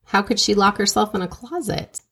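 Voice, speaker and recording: A woman co-hosting a podcast, reading out a true crime case in a measured, dramatic way. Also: medium pitch, creaky, a bit bright, breathy edge. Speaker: podcast co-host.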